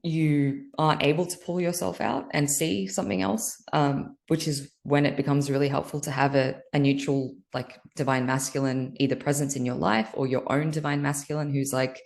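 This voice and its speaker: Very low-voiced woman, candid and earnest. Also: little pitch movement, normal speed, creaky, few pauses, a little mellow. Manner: loose, filler-heavy, earnest and confessional. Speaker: podcast guest, healer. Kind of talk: candid spiritual interview talk.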